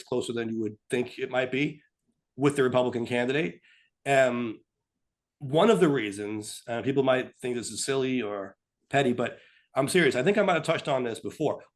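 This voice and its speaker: Brief: male co-host, animated, mimics voices mid-talk. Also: mid-range voice, normal speed. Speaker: podcast co-host. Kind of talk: casual political talk.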